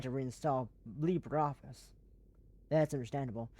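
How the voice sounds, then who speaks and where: A game streamer chatting casually on a live stream, rambling and excitable, swearing freely, in an airy put-on voice. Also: mid-range voice, takes it slowly, pauses often, no echo.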